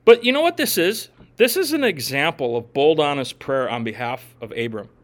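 A man's voice: a little high, moderate pace. A man pastor giving a casual, joking sermon with gym and pop-culture asides. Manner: animated, swings between loud and soft. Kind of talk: conversational sermon.

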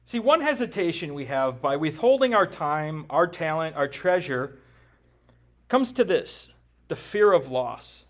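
A pastor from the United States preaching a sermon in a conversational style, with joking asides and frequent rhetorical questions to the congregation. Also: male voice, a little high, lively intonation, a little slow.

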